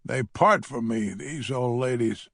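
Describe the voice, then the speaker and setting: A man reads a first-person audiobook at a very slow, unhurried pace, in a wry and grumbling tone. His voice is gravelly and husky, and the recording is dry and close. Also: medium pitch, fairly bright tone, no room sound. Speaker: audiobook narrator.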